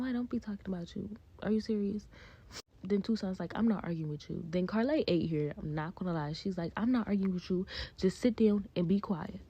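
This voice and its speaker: A woman with a low-leaning, mellow, husky voice recaps a reality show casually, chatty and blunt with her opinions. She acts out quotes from the cast, and the recording has a dull lo-fi sound.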